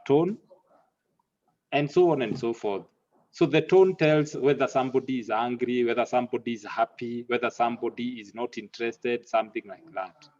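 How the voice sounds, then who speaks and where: A man teaches an online class at a middling pitch. He halts, repeats words and drops into Swahili now and then. The audio is muffled and lo-fi. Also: a little mellow. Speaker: lecturer.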